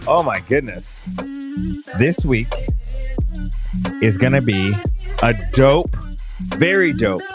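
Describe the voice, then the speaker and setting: A man co-hosting a casual live show, teasing with quick comebacks. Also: medium pitch, lively intonation, over music. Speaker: co-host.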